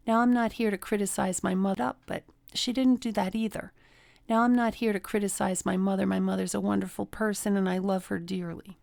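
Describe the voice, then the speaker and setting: Middle-aged woman with gravelly fry. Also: mid-range voice, darkish tone, no room sound, clean studio sound. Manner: storytelling, acts out quoted people in a raised voice. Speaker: relationship coach, podcast host. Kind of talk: self-help talk with personal stories.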